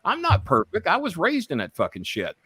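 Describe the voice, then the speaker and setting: A man's voice: sits high, fairly quick, slight background noise. Impassioned, profane man telling stories. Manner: profane, impassioned, animated when ranting. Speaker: podcast guest. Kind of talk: candid storytelling.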